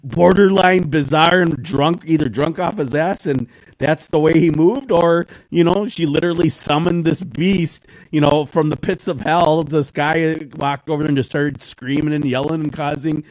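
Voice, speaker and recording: A man tells a story on a talk show in a rambling, animated way, slipping into other people's voices as he goes. His voice sits a touch high, and the sound is dry and close, with no room echo. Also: normal speed. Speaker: guest. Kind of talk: casual talk show conversation.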